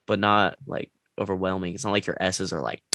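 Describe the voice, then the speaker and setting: A man's voice: low voice, little pitch movement, a little fast, creaky, bright, forceful tone. A man interviewing a singer, asking long rambling questions. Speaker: interviewer, music producer. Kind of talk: casual interview chat.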